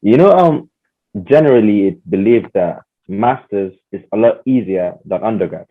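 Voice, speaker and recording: A young Nigerian man, a podcast guest, telling stories in a relaxed, plain way. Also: on the low side, normal speed. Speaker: podcast guest, former master's student. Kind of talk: casual interview talk. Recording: narrow phone-like sound.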